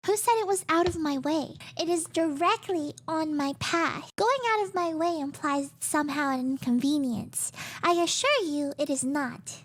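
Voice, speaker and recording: Very high-voiced woman in a smug clip. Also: unhurried.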